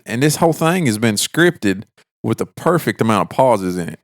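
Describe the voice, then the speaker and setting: A man's voice: fairly low pitch, big pitch swings, moderate pace, no room sound, clean studio sound. A man, co-hosting a podcast and telling a long story in casual chat, acting out both sides of a phone call. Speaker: podcast co-host.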